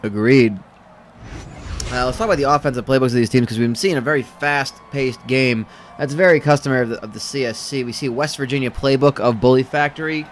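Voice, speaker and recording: A male play-by-play commentator calls simulated football games for a stream, rambling and correcting himself as he goes, with dry humor and music in the background. His medium-pitched voice is a little fast, and there is a little hiss or hum.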